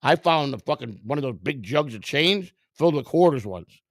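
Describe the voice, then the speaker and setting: Middle-aged host, gravelly and streetwise, rambling profane commentary, dry close sound. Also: male voice, medium pitch, expressive, normal speed, dry recording. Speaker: vlog host browsing storage auctions. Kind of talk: casual commentary.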